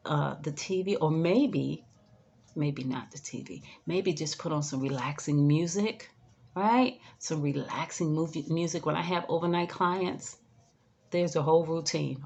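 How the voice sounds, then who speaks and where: Low gravelly woman caregiver. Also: unhurried, lo-fi sound. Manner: chatty, ends phrases with "right?" and "okay?"; soothing, drops to a hush when modeling calm words. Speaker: in-home caregiver. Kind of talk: casual advice talk to camera.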